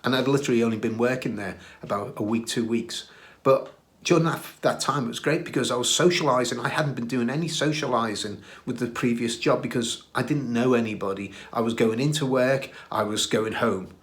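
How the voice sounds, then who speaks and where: A middle-aged British man hosts his own show and tells stories in a loose, chatty way. He is self-deprecating and keeps his restarts and "uh"s in. His voice sits in an ordinary middle pitch. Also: a little fast. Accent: British English. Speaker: podcast host recounting his career. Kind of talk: casual storytelling.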